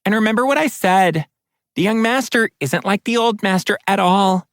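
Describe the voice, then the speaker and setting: A man's voice: sits high, moderate pace, fairly bright tone, no room sound, clean studio sound, voice pushed up. A man voicing a bubbly, gossipy female water spirit in an audiobook, chattering and gushing. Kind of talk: audiobook character voice.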